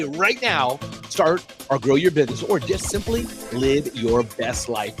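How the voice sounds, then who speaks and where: A man's voice: medium pitch, very animated, unhurried, music in the background. A middle-aged man hosting a live business show, riffing energetically and giving emphatic warnings. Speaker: show host.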